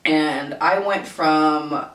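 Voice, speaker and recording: A young woman vlogger telling a casual storytime at home, animated and profane, with lots of filler words. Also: deep voice, drawn-out words. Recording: roomy, distant camera audio.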